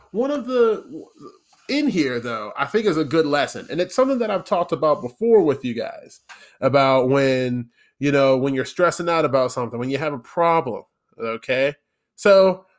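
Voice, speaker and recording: Brief: male solo podcaster, sarcastic running monologue, somewhat high voice, lots of fillers. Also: big pitch swings, moderate pace. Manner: sarcastic, rambling, many fillers and repeated words. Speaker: podcast host. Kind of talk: casual solo podcast rambling.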